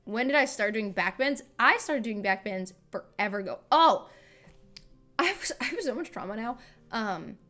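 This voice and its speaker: A woman's voice: fairly high pitch, lively intonation, moderate pace, pushed and bright, soft background music. A woman hosting a livestream, chatting casually and reading comments, rambling and self-mocking with lots of fillers. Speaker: livestream host.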